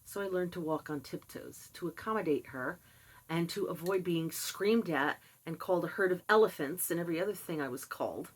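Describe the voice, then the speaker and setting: An older woman telling a personal story in a casual, candid way, with animated asides and laughs. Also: fairly low pitch, a little fast, low-quality recording. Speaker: vlogger sharing personal experience.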